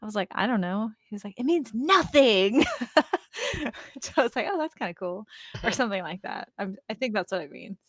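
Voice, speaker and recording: A woman's voice: medium pitch, quick pace, no echo, studio quality. A middle-aged woman telling stories in a casual chat and laughing often. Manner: giggly storyteller, laughs often.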